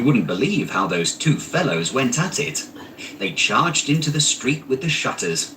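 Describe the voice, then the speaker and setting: Slow, expressive man reading a story. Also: mid-range voice. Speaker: narrator reading aloud. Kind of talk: storybook narration. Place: art studio. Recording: distant mic, faint background noise.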